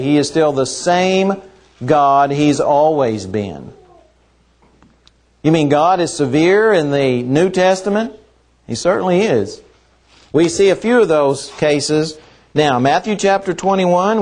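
A man's voice: a little high, a little mellow. A man preaching a sermon, asking rhetorical questions and stretching out key words for emphasis.

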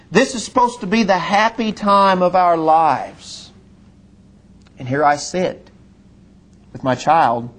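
A middle-aged pastor preaches a sermon and earnestly tells a personal story, slowing down and dropping his voice low on the solemn lines.

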